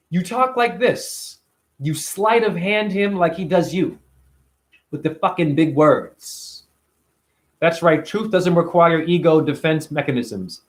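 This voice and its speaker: A man with a notably high-pitched voice delivers a casual vlog monologue. He talks emphatically and with animation, and swears freely along the way. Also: lively intonation, measured pace. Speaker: vlogger.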